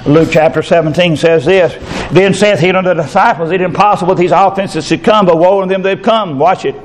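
An older man preaching a fervent sermon, dropping into low asides and then rising into high, shouted passages. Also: fast talker. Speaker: pastor.

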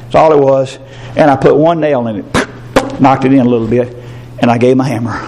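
An older man preaching a fervent sermon, dropping into low asides and then rising into high, shouted passages. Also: steady tone, a little fast. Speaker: pastor.

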